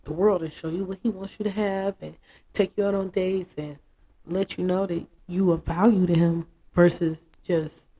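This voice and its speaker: A woman, telling a story in a casual interview, frank and animated, acting out what others said. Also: lowish voice, normal speed, breathy edge. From United States. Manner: animated, acts out quotes, frank and profane.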